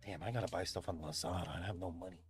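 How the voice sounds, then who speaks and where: A man's voice: deep voice, steady tone, fast talker, faint music behind. A man chatting casually on a livestream from his room at home, rambling, swearing and laughing often. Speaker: livestreamer and event host. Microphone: streaming mic.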